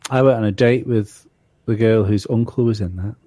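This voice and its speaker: A man's voice: on the low side, fairly even intonation, normal speed, dark tone, no echo. A man in a casual livestream chat who questions claims and pushes back. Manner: skeptical, questioning. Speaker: livestream co-host.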